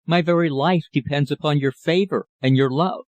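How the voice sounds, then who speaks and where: A man's voice: on the high side, moderate pace, darkish tone, no echo, dull audio, close to an everyday voice. A man reading an audiobook, voicing a young journalist in love who pleads his case with passion. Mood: pleading. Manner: impassioned, pleading. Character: young male journalist, ardent lover.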